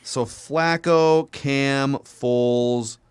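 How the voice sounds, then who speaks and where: A man's voice: medium pitch, steady tone, very slow, clean tone, no echo. A man co-hosting a sports podcast, talking casually and thinking aloud with frequent questions. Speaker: podcast co-host.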